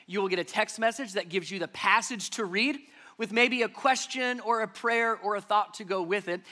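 A pastor delivers a church sermon in a high, bright, forceful voice. He drives his points home by repeating key phrases and building on them.

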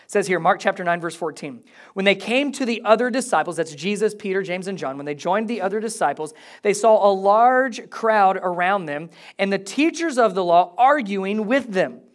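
A man's voice: sits high, animated, moderate pace. Guy preaching, reads the bible passage then talks it through, easygoing. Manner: conversational preaching, reads scripture aloud then explains it. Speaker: pastor. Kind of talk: sermon.

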